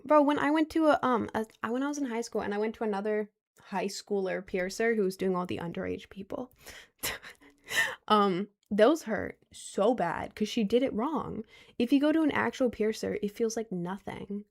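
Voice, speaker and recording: A woman's voice: mid-range voice, normal speed, gravelly. A young woman chatting casually with her viewers, rambling and repeating herself in loose slang. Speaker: streamer answering chat. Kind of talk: casual chat.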